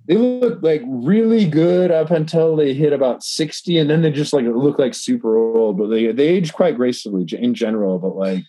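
This podcast co-host, tipsy from drinking, reads news articles aloud with frequent restarts, rambling and cursing in casual banter. His warm, mid-range voice is expressive, moving at a moderate pace with few pauses, and there's no room sound.

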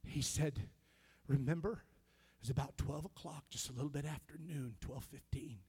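A male pastor with an American accent telling a personal story in a sermon, dropping to hushed whispers and rising to shouted praise. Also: on the high side, moderate pace, breathy edge.

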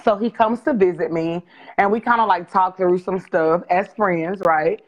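A woman in her forties, a guest telling her life story on a video call interview, open and animated. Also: on the low side, normal speed, lo-fi sound. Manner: animated, open, acts out quoted dialogue with laughs.

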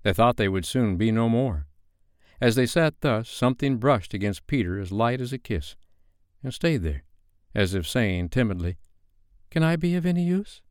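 A man with a smooth, lowish voice reads a bedtime story in a measured, gentle way. The recording is close and dry. He shapes each sentence with care. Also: no room sound.

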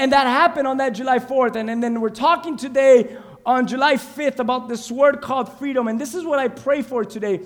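A man preaching a sermon as pastor, building to shouts and calling for amens. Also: very high voice. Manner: preaching with rising shouts and calls for amen. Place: church sanctuary. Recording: hall reverb.

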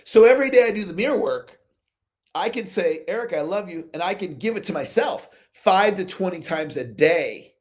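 This sales coach, hosting a live motivational call over video, has a high-pitched voice and a normal pace. He tells animated stories in which he voices both sides of each conversation.

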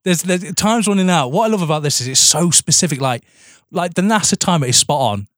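A man co-hosting a film podcast, swearing and mocking the film in quick banter. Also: fairly high pitch, lively intonation, a bit bright, no room sound, clean studio sound. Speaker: podcast co-host. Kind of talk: casual film-review banter.

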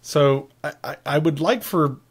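A man's voice: a little high, measured pace, husky. A man co-hosting a casual tech chat, explaining features at length with joking asides. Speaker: podcast co-host.

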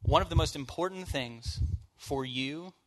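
A man's voice: on the high side, a little slow. A man leading a church bible study, teaching in an informal, conversational way and asking the group questions. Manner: informal, asks the group questions, casual fillers.

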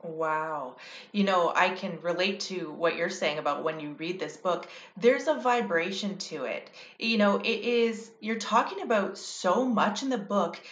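A woman's voice: on the low side, a little slow, highs cut off. A woman hosting a podcast, interviewing her guest with enthusiastic, affirming remarks. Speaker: podcast host. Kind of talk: casual interview conversation. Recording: echoey room.

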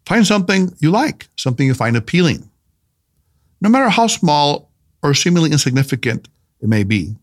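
A playful, gently insistent male mentor voiced by a man reading an audiobook speaks in a fairly high, lively voice that rises and falls freely. He coaxes and teases with emphatic warmth in his lessons. It is storybook narration with the figure's lines read aloud. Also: moderate pace.

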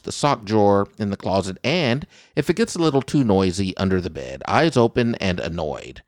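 Lively deep-voiced man, joking host. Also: no room sound, studio quality. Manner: animated, swooping pitch, repeats "okay?" for emphasis. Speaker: podcast host. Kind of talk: comedic podcast banter reading op-eds.

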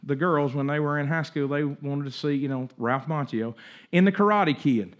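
A man's voice: a little high, moderate pace. A middle-aged man preaching a sermon, telling stories animatedly and often restarting his sentences. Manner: animated storytelling with frequent restarts. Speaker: pastor.

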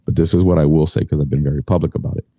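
A man's voice: extremely low pitch, steady tone, racing, dark tone, dry recording, studio quality. A middle-aged man telling his story as a podcast guest, blunt and indignant, swearing freely.

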